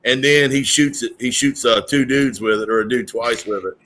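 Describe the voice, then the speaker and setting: A man's voice: mid-range voice, moderate pace, fairly bright tone. Hesitant, dry-humored man on a podcast. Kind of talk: casual chat.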